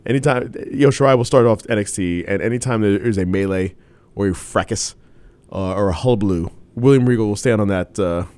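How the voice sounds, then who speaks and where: A man's voice: lowish voice, darkish tone, no room sound. Giggly, rambling man in casual chat. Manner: rambling, halting restarts, giggly.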